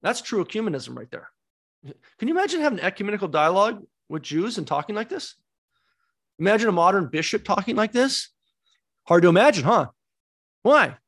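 A man's voice: high voice, very animated, a little fast, long pauses, a bit bright. A man teaching a Bible study class, emphatic, asking rhetorical questions and repeating key words.

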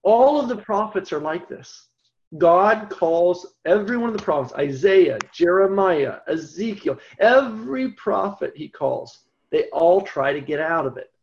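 High gravelly guy teaching bible study, chatty, keeps going "right?", muffled lo-fi sound. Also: expressive, unhurried, darkish tone. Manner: conversational, keeps asking "right?". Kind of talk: Catholic Bible study lecture.

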